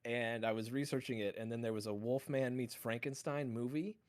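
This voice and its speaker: A man's voice: mid-range voice, steady tone, a little fast, darkish tone, no room sound, studio quality. A man co-hosting a movie podcast, telling stories in a rambling, casual way full of fillers. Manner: rambling, filler-heavy storytelling. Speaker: podcast co-host.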